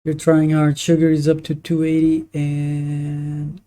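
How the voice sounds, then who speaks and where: A native Portuguese speaker streaming live, chatting casually while gaming in a halting, opinionated way with many restarts. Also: medium pitch, completely flat delivery, warm tone.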